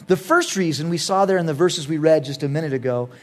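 A middle-aged man preaching a sermon as pastor, emphatic, moving between loud urging and quiet, earnest asides. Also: on the high side, fast.

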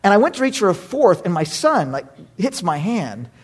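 A man in his thirties preaching a sermon, animated and humorous, jumping from loud exclamations to hushed asides. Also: high voice, normal speed, slightly rough. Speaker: pastor.

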